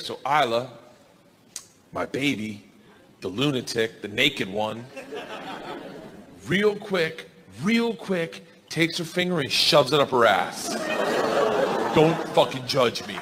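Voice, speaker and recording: A man doing stand-up storytelling on a club stage, rowdy and profane, often shouting. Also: mid-range voice, expressive, takes it slowly, long pauses. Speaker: stand-up comedian. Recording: stand-up club, crowd laughter, noise.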